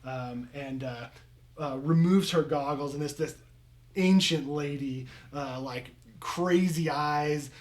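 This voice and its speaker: A man's voice: on the high side, takes it slowly. A young man narrating as game master of a tabletop game, rambling with many fillers and restarts.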